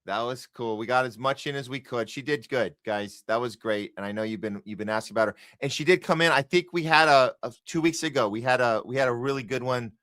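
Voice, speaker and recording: Male podcast host, casual and rambling, bright dry sound. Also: mid-range voice, fairly quick, few pauses, no room sound. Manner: rambling, encouraging, many restarts.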